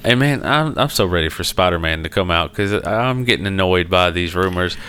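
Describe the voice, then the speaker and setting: A podcast co-host chats casually with a friend in a brisk voice, with a little hiss or hum on the recording. He's an animated storyteller who swears a lot and acts out the people in his stories in a raised, high voice.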